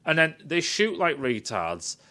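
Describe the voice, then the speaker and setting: A man's voice: on the high side, big pitch swings, unhurried, pushed and bright. Exasperated man ranting. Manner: exasperated, sweary, sarcastic. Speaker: film reviewer. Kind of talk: ranting film review.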